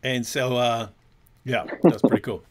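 A man's voice: mid-range voice, steady tone, unhurried, a little hiss or hum. A man hosting a live stream, reacting casually to a clip with chuckles and many fillers. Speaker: livestream host.

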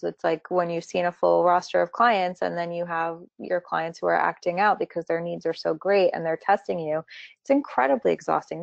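Woman trainer, gravelly voice, conversational webinar lecture, dry lo-fi recording. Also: lowish voice, no echo. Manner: earnest, frequent "you know" fillers and restarts. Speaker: therapist presenting a training webinar. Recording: dull lo-fi dry webinar audio.

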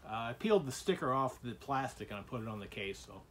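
Halting, filler-heavy man showing off movies. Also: mid-range voice, sing-song, a bit bright, slightly rough. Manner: halting, many "uh" fillers and restarts. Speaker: collector showing his movie purchases. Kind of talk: casual unboxing vlog.

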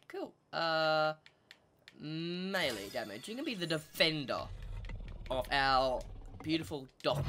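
A gaming channel host with a medium-pitched voice talks a little slowly, commenting on gameplay and chatting with the in-game animals. Steady background noise runs under the recording.

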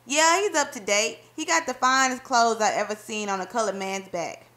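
A woman's voice: fairly high pitch, moderate pace, bright, forceful tone. Woman reading as a boastful young husband, folksy and joking, story read aloud. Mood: teasing. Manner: playful banter in folksy dialect.

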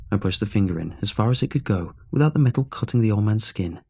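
Man, low husky voice, mellow tone, horror narration. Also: expressive, fast. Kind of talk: scripted horror story narration.

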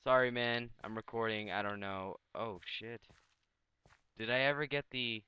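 A young man hosting a casual let's-play, sounding tired and mumbling, then bursting into excited outbursts. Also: mid-range voice, a little slow, clear, resonant tone, no echo, muffled recording. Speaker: gaming channel host.

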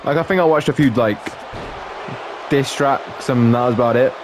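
A man's voice: mid-range voice, moderate pace, background noise. A man giving casual, joking let's-play commentary, laughing often and calling people mate. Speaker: gameplay commentator.

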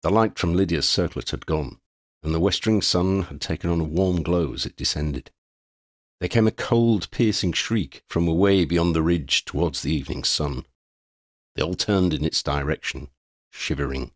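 Deep voiced man reading a fantasy audiobook, very dry close mic, lively delivery. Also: moderate pace, dry recording. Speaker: audiobook narrator. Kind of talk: scripted narration.

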